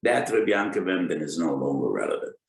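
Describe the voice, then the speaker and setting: Rabbi lecturing on Jewish law: deep gravelly male voice, slow deliberate delivery, echoey room. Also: animated. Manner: deliberate, cites sources with Hebrew terms. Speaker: rabbi giving a Torah lecture.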